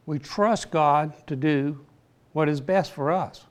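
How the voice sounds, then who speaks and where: An older man teaching an informal Bible class in an earnest, plainspoken, halting way. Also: on the high side.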